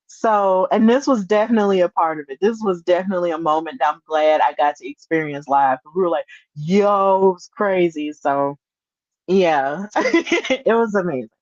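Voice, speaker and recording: A woman hosting a solo podcast, retelling events in an excitable, animated way with playful asides. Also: lowish voice, moderate pace, no room sound, highs cut off. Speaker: podcast host.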